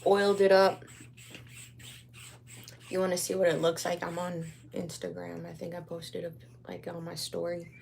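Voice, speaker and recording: A woman's voice: on the low side, flat delivery, normal speed, gravelly, pauses often, a little mellow, a little hiss or hum. A young woman from Wisconsin chatting casually on a livestream while she crafts, rambling in slang.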